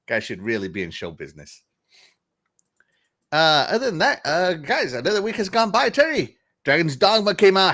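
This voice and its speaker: A man's voice: mid-range voice, fairly bright tone. A man hosting a casual livestream podcast, chatty and upbeat, laughing often as he greets viewers. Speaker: podcast host.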